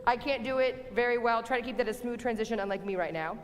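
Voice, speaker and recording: Young woman choir director, high voice, encouraging, reverberant rehearsal hall. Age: young adult. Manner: brisk and encouraging, sings example phrases. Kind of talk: rehearsal instruction. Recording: long hall reverb, faint music.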